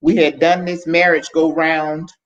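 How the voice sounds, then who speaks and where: A woman appears as a podcast guest, speaking candidly and earnestly in a relaxed conversation, often restarting mid-sentence. She has a deep voice and a flat, unhurried delivery, on a dull lo-fi recording.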